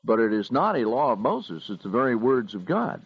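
A man preaching a sermon, reading scripture aloud slowly and with deliberate emphasis. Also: mid-range voice, big pitch swings, breathy edge, no room sound, muffled recording.

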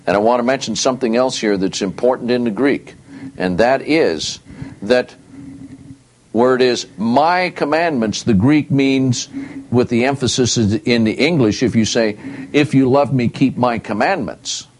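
A man teaching a Bible study, reading verses aloud and repeating key words with deliberate stress. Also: mid-range voice, a little hiss or hum.

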